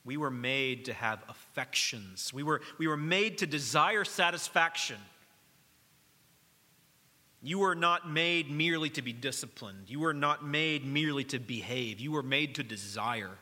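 A middle-aged man, a pastor preaching a sermon in a church, speaking earnestly, dropping to a hush and then rising to emphasis. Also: a little high, expressive, unhurried, in a large hall. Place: church sanctuary during worship.

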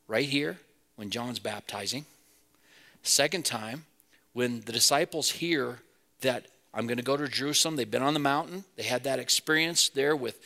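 A man's voice: medium pitch, gravelly, sharp tone. A man preaching a sermon as pastor, earnest and building to emphatic peaks.

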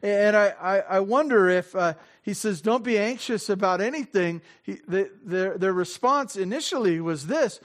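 A high-pitched man speaking a little slowly gives a conversational sermon as pastor. Frequent laughter, self-interruptions, small acted dialogues and direct questions to the audience mark his delivery.

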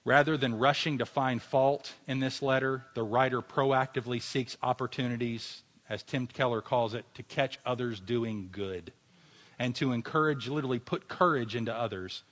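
A man's voice: medium pitch, moderate pace, a bit bright. A man preaching a sermon as a pastor, earnestly exhorting his congregation and closing in prayer. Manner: earnest exhorting preacher, rising to fervent emphasis.

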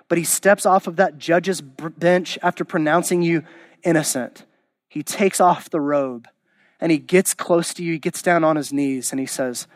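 Emphatic high-voiced preacher. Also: male voice, no room sound. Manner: passionate, emphatic, rising to exclamations. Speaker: pastor. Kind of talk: sermon. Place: church auditorium.

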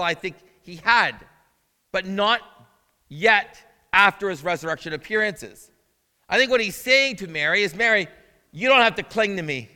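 A man with a high, bright, forceful voice preaches a sermon in a conversational tone and asks his listeners questions as he goes. His voice rings with the long reverb of a large church hall. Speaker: pastor.

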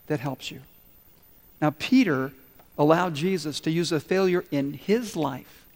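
A man preaching a sermon, telling stories and acting out the people in them as he goes. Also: sits high. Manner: storytelling preacher, voices the people in the story. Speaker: pastor. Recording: long reverb of a large hall.

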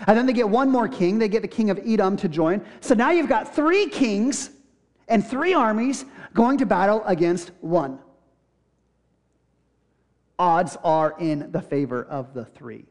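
A man's voice: high voice, expressive, moderate pace, a little mellow. A young adult man preaching a sermon, retelling a scripture passage casually and acting out the characters' lines. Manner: casual storytelling with acted-out quotes. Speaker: pastor.

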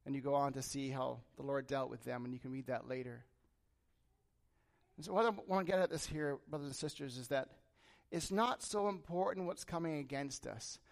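High-voiced man preaching a casual sermon. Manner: reads scripture then retells it in casual modern words; acts out the frightened servant with sudden animated bursts.

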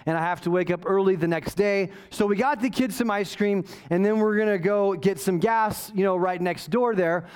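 Man, pastor, high voice, animated sermon storytelling, self-mocking, waves his arms. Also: moderate pace, few pauses, clean tone. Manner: animated, asks "right?" often.

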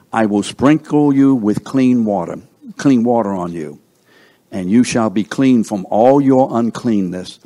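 Emphatic man preaching a sermon. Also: lowish voice. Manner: call-and-response questions to the congregation; emphatic, swings from loud to hushed.

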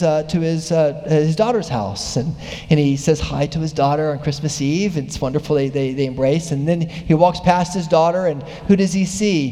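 A male preacher with a slightly high voice tells a story from the pulpit, growing more animated as he goes. His words ring out into a long hall reverb. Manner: animated storytelling, voice rising with excitement. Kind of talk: sermon.

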